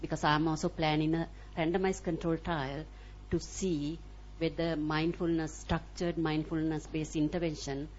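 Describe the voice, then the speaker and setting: A woman's voice: low voice, level tone, moderate pace, darkish tone, a little hiss or hum. A woman in the audience asking a question, speaking hesitantly with many fillers. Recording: dull lo-fi recording.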